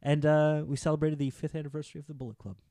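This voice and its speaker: A man co-hosting a casual wrestling podcast, excitable and rambling, with jokey asides. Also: fairly high pitch, rapid-fire, dry recording, clean studio sound. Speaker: podcast co-host.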